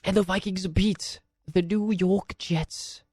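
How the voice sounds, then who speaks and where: A man's voice: sits high, steady tone, takes it slowly, a little mellow, breathy edge, dry recording, studio quality, full character voice. A man voicing a pompous, posh English male sports presenter with a mock English accent and grand, over-formal announcing on a radio show. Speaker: radio co-host. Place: radio studio.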